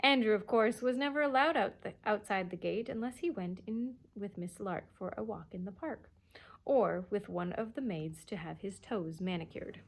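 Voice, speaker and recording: A children's librarian reading a chapter book aloud at story time, expressive, with hushed asides. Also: female voice, medium pitch, normal speed, creaky.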